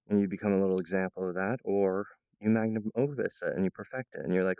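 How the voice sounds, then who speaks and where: A man rambling to his viewers, jumping between topics and laughing mid-sentence, now and then mimicking others in a high voice. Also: quick pace, clean tone, no echo, dull audio. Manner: acts out other people's voices in a high pitch.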